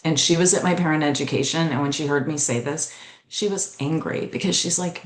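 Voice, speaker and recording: Being interviewed, a middle-aged mental health educator tells personal stories with earnest conviction, quickening on the points that matter. Her voice sits low and moves fairly quickly, captured with a roomy echo.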